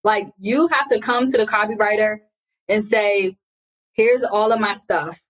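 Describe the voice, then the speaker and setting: A woman's voice: mid-range voice, a little slow, rough recording. Woman hosting a biz podcast, firm and emphatic, cuts in to make her point. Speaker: podcast host and business coach. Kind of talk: casual podcast conversation.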